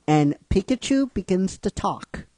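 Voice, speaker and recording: A man telling a story from his own script in a relaxed, halting way, full of fillers and restarts. He talks slowly and deliberately. The recording is dry and close, with no room sound. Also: sits high, no echo. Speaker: narrator of a fan script. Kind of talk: casual storytime narration.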